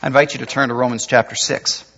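Man, pastor, sermon, gravelly and husky voice, storytelling, long hall reverb, muffled lo-fi sound. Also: medium pitch, fast talker. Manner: storytelling, shifting from animated to hushed.

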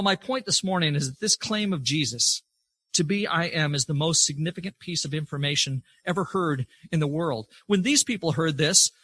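A male preacher whose high, bright voice swings widely in pitch as he drives his points home. His tone has a husky edge, and he stacks up repeated phrases for emphasis. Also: dry recording. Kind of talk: sermon.

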